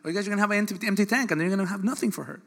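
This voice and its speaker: A man preaching a sermon in an animated, joking way, with sudden loud bursts. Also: high-pitched, rapid-fire, gravelly. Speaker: pastor.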